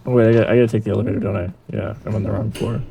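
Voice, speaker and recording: Gravelly-voiced man mumbling over gameplay. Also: fairly low pitch, flat delivery, rapid-fire, mellow, far from the mic, slight background noise. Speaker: gaming channel host. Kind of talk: let's play commentary.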